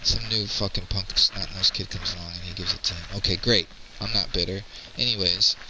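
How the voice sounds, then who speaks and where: A man's voice: deep voice, fairly even intonation, a little fast, noisy background. A man in his thirties telling a rambling, profane story in casual chat. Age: 30s.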